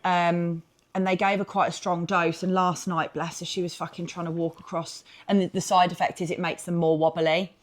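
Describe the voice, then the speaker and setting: A woman with a fairly low voice, co-hosting a podcast in relaxed, rambling chat. She drifts through stories with plenty of fillers and drops the occasional swear word in passing. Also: moderate pace. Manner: chatty, rambling, swears casually, many fillers. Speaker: podcast co-host. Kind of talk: casual chat.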